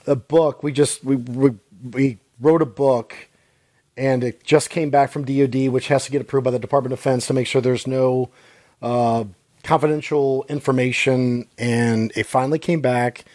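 A man in his thirties co-hosts a podcast with a mid-pitched voice. He talks in an earnest, rambling way, full of restarts and fillers. The recording is close and dry. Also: darkish tone, no room sound. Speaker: podcast co-host. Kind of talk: casual chat.

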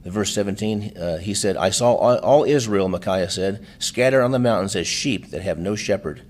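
A man's voice: lowish voice, moderate pace, darkish tone. A man preaching a sermon, reading scripture aloud with frequent restarts and adding plain-spoken asides. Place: church.

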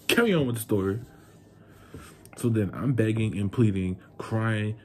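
A man's voice: fairly low pitch, measured pace, long pauses, darkish tone, a little hiss or hum. A young man from New York telling a breakup story in an emotional, indignant rant straight to the viewer. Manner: heated, indignant, talks straight to the listener. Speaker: vlogger.

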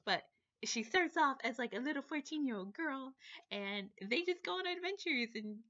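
A woman vlogging about books in a casual chat to camera, animated and quick, swearing and exaggerating. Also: high-pitched, muffled recording. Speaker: book vlogger.

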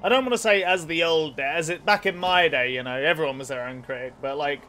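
A man's voice: on the high side, a little fast, sharp tone. Nasal young man streaming a game. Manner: chatty, swears freely, rambles while gaming. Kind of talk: casual let's play commentary with chat.

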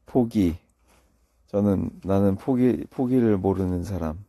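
Sleepy man with a gravelly, dark voice. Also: rapid-fire, dry recording. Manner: low-key, murmured, answers comments in English and Korean. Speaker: singer on a livestream. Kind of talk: casual livestream chat reading comments. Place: indoors, late at night. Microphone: phone livestream.

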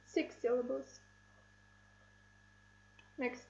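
A woman teaching an English lesson, speaking slowly and clearly, breaking words into syllables. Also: sits high, fairly even intonation, a little mellow. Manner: slow, clear, syllable-by-syllable instruction. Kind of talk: online classroom lesson. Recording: roomy, dull lo-fi recording.

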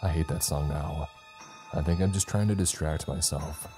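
A man's voice: extremely low pitch, fairly even intonation, normal speed, music in the background. A man narrating a scripted first-person horror story in an uneasy, rambling, confessional way.

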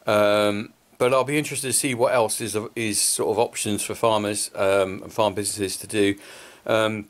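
A man's voice: lowish voice, steady tone, moderate pace. A man, a farmer, talking casually to his camera in a rambling way with lots of fillers as he walks around an exhibition hall. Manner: chatty and rambling, with many fillers. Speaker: farmer vlogger. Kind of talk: casual vlog narration. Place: indoor exhibition hall, walking through. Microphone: handheld camera filming as he walks. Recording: loud background noise.

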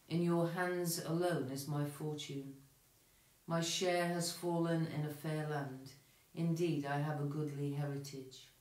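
A man leading morning prayer, reading psalms and scripture aloud in a measured, steady recitation with occasional small self-corrections. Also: fairly high pitch. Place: church. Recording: echoey room.

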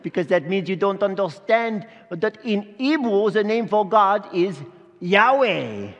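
A man's voice: sits high, animated, a little slow, lo-fi sound, heavily acted. A man playing a boastful, jokey male angel messenger in a Christmas Eve church skit, showing off and playing to the congregation. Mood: playful boastful. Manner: showy, jokey, playing to the crowd. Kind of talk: comic stage monologue. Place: church sanctuary before a congregation. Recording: echoey church hall.

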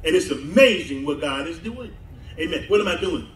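A pastor from the southern United States preaches a sermon in a church sanctuary, his slightly high, bright voice expressive at a moderate pace. He laughs often and draws call-and-response from the congregation, captured by a distant, echoey church hall mic.

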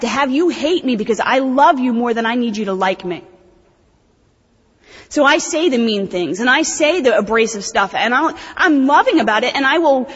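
Thirties woman, blunt, animated recovery speaker, husky voice, long hall reverb. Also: a little high. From New Jersey. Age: 30s. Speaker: AA convention speaker. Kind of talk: recovery share talk. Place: convention hall. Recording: dull recording in reverberant hall.

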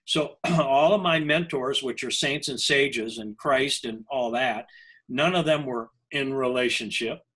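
A man's voice: medium pitch, measured pace, a bit bright, breathy edge, rough recording. An older man, a language coach, telling a personal story in an interview, earnest and often breaking off and restarting his sentences.

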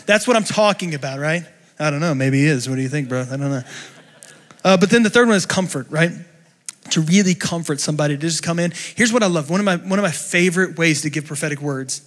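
A young adult male pastor preaching a sermon in a loose, conversational way, full of fillers and asides. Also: on the high side.

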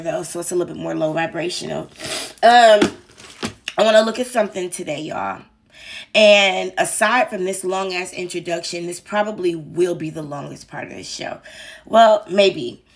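Woman, 40s, commentary host: low-pitched, candid, playful, salty, loose. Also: moderate pace, vocal fry, noisy background. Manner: candid, playful, swears and laughs at own jokes. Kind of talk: casual commentary monologue.

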